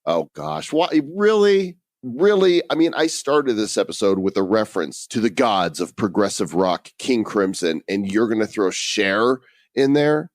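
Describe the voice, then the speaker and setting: Man, low voice, podcast co-host, joking banter, dry close mic. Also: moderate pace, no room sound. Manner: jokey, animated, with teasing incredulous asides.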